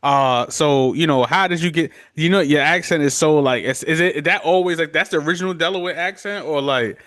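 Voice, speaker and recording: A man from New York hosts a relaxed podcast conversation, chatting casually and filling the gaps with easy agreement. His voice sits a little high, and the sound is dry and close. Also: brisk, no room sound. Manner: laid-back, frequent backchannel "yeah". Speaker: podcast host. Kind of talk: casual interview chat.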